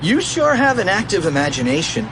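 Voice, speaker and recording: A man voicing a quick-thinking, bossy young schoolboy in a storybook, high and urgent. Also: very animated, noisy background. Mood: excited. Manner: high-pitched, urgent commands.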